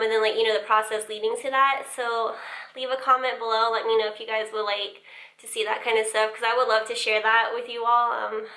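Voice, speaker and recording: Her voice on the high side, pushed and bright, this young vlogger talks casually about her sewing space with lots of "um" and "like." She records indoors, at home and in an empty basement, and the room echoes.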